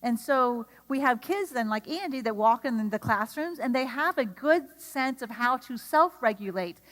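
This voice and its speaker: A woman with a fairly high voice leads a lively workshop for teachers and keeps putting questions to the room. Her voice carries a long reverb from the lecture hall around her. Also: normal speed. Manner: animated, asks the audience questions. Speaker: speaker at an educator training.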